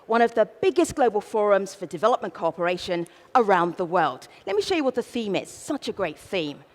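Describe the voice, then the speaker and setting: A woman with a South London accent moderating a large conference, playful and theatrical with the audience. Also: medium pitch. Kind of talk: live event hosting. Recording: reverberant large hall.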